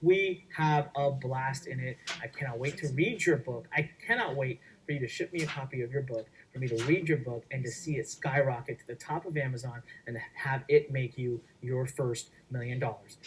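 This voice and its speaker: A man presenting a workshop, giving an energetic sales pitch in an emphatic, repetitive way. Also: normal speed, hardly any pauses, distant mic, a little hiss or hum, poor audio. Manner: emphatic, repetitive, acts out quoted voices.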